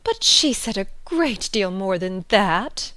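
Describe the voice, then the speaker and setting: A woman's voice: mid-range voice, very animated, slow, sharp tone, no room sound, exaggerated voice. A woman playing a feeble, fretful White Queen who speaks in a moaning, plaintive way in a full-cast audiobook. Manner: moaning, plaintive, hand-wringing.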